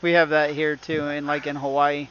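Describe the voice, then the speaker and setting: A man's voice: fairly high pitch, little pitch movement, normal speed, a crowd in the background. Blunt man on a dull, lo-fi mic. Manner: brief blunt interjections, joking. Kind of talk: casual chat.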